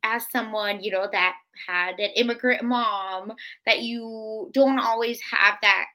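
Woman podcast cohost, bright voice, kinda high, tells stories with lots of acted-out quotes. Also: a little slow. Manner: animated storytelling with acted quotes. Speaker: podcast co-host. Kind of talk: casual chat.

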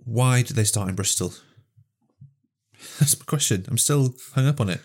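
A man's voice: mid-range voice, unhurried. A man co-hosting a casual film podcast, eagerly spinning out ideas. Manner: animated, spins ideas. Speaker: podcast co-host.

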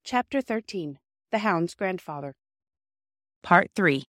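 A woman's voice: lowish voice, lively intonation, slow, fairly bright tone, no echo. Woman narrating a classic novel, dry sound. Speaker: audiobook reader.

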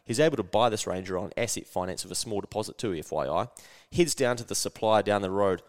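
A man with a New Zealand accent hosting a podcast, telling a story in a slangy, animated way and swearing casually. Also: fairly low pitch, fast talker, long reverb tail. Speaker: podcast host.

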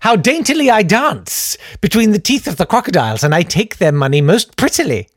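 A smug, airy male politician, as a man puts him on, his voice lifted and lilting as he preens over his own cleverness. The pitch dances up and down. The recording is dry, with faint music behind. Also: big pitch swings, brisk, no echo.

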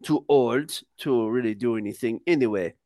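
A man's voice: medium pitch, normal speed, warm tone, dry recording, lightly acted. Man doing pension-dreaming Frenchman, stilted put-on accent, dry recording. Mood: dreamy. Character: lazy Frenchman dreaming of early retirement.

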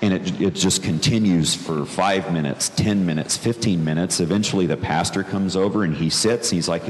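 Speaking at normal speed with hardly any pauses, a low-voiced man gives a personal testimony about his conversion, earnest and reflective and repeating phrases for emphasis. Long reverb from a large room and faint background noise color the sound.

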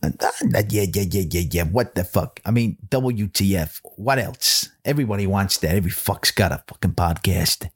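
A man with a deep, animated voice, speaking at normal speed with few pauses, impersonates a foul-mouthed, swaggering male podcast mentor with a New York-New Jersey accent. The mood is brash and needling, and his voice is gruff, full of swaggering tough-guy patter.

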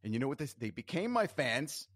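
Husky-voiced man, lively and motivational. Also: medium pitch, a little fast, dry recording, studio quality. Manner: emphatic, motivational. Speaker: guest speaker. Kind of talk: casual interview talk.

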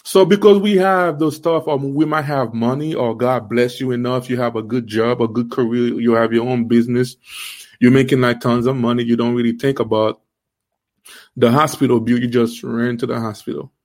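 A man with an accent hosting an online faith series, preaching in an emphatic way with repeated rhetorical questions and halting restarts. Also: fairly even intonation, darkish tone. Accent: non-native accent. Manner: halting restarts, rising pitch when stressing. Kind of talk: livestream preaching.

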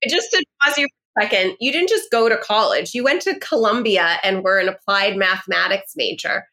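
A woman in her forties from Los Angeles, hosting a podcast interview and telling a story in an excited, effusive way. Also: medium pitch, brisk. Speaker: podcast host. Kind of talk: casual interview chat.

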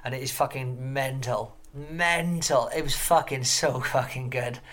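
A man telling stories as an interview guest, rambling and excitable, swearing constantly. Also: mid-range voice, a little slow. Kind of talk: casual storytelling interview.

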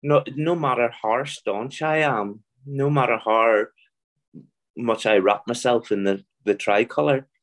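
A man with a Belfast accent, a guest author telling animated stories in an interview. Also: mid-range voice, measured pace. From Belfast, Northern Ireland. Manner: animated storyteller, mimics voices in anecdotes. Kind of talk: storytelling interview.

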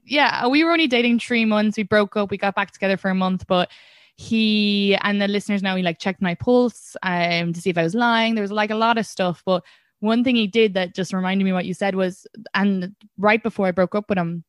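A young Irish woman, a comedian guest, telling stories in a casual podcast chat with lively restarts. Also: medium pitch, fairly quick, no room sound, studio quality. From Ireland. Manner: animated storytelling with frequent restarts and laughs.

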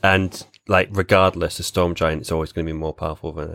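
Low-voiced sweary man thinking aloud. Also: flat delivery, a little fast, creaky, no echo, studio quality. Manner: blunt, swears freely, thinks out loud. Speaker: new player. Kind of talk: casual podcast chat.

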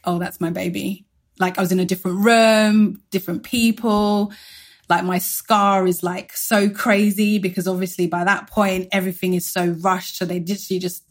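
Woman in her 30s, slightly low voice, quick lively storytelling as a guest. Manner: brisk, animated retelling with quoted dialogue. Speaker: interview guest. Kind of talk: casual personal storytelling.

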